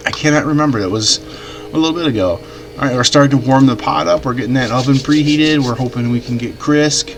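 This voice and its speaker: A man's voice: mid-range voice, moderate pace, music in the background. A man hosting his gaming channel, chatting enthusiastically in casual gamer slang while he plays. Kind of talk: casual gameplay commentary.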